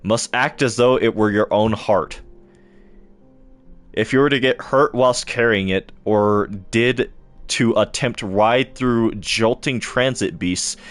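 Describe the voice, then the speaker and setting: A grieving female knight speaks in old, formal phrasing, slowly and with gravity, as a young man reads her lines from a game in his own plain voice. The words come at an unhurried pace over soft background music. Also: mid-range voice, natural voice. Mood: solemn. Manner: formal archaic phrasing, read aloud haltingly. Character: solemn female bug knight, archaic and mournful.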